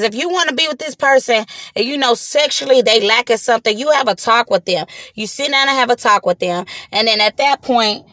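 A woman telling a story straight to her viewers in a casual, animated way, swearing freely and acting out what she said at the time. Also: high voice, no echo, clean studio sound. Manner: animated, profane, acts out her own quotes; talks straight to the audience with slangy asides.

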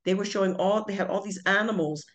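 A woman's voice: mid-range voice, fast talker. An older woman chatting casually with her son, telling long stories full of fillers and restarts. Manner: rambling storyteller, many fillers and restarts. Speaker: podcast co-host, parent of the other speaker. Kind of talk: casual family chat.

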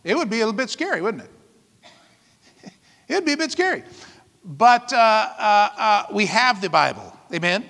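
A man preaches a sermon with a high, bright voice that carries a long reverb from the hall around him. His delivery is lively and conversational, and he keeps checking in with the congregation. He breaks into light laughter between his points. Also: moderate pace, gravelly, long pauses. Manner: lively preaching, frequent "amen?" calls, laughs often. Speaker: pastor.

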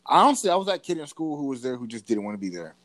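A man's voice: medium pitch, rapid-fire, no echo. Storytelling man, dry close sound. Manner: animated storytelling with frequent restarts. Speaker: podcast co-host. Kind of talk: casual conversation.

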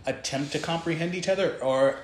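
A man's voice: fairly high pitch, brisk. Host guy asking rambly questions, roomy sound with a bit of hiss behind. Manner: long, winding questions with fillers. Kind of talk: casual podcast chat. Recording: roomy echo with faint background noise.

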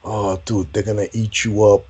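A man telling crude, animated service stories in casual chat, peppering them with bro and man. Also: fairly low pitch, normal speed. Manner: profane, animated storyteller, says bro and man a lot.

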